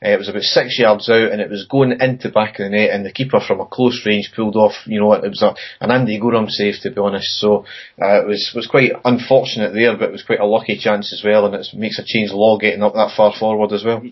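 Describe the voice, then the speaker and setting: A man co-hosting a casual football podcast, reading through his match notes in a steady, matter-of-fact way. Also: on the low side, fast talker, slightly rough, highs cut off. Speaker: podcast co-host.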